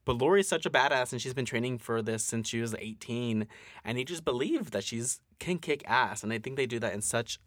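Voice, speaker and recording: A man co-hosting a podcast in casual chat, animated and profane, acting out quotes. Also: medium pitch, brisk, no echo, studio quality. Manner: animated, swears a lot, acts out quotes. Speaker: podcast co-host.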